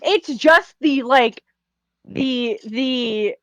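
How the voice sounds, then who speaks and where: Give me a woman at a tabletop game, casual and rambling, a little high. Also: very slow, no echo, poor audio. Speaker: player. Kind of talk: describing her character at a tabletop game.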